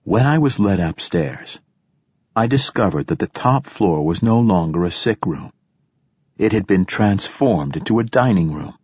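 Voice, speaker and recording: A man reads a first-person audiobook in a measured, descriptive way. His voice is very deep and husky. The recording is close and completely dry. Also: lively intonation, a little mellow, dry recording. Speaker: audiobook narrator.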